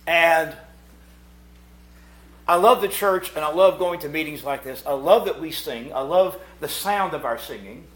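A middle-aged man preaching a sermon at a church meeting. He swings from hushed asides to shouted points. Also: fairly high pitch, measured pace. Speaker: pastor.

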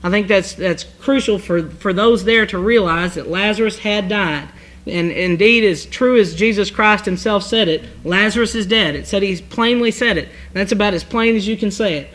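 Earnest high-voiced male preacher. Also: fairly bright tone, poor audio. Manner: earnest, halting, many restarts and fillers. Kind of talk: sermon reading scripture and expounding.

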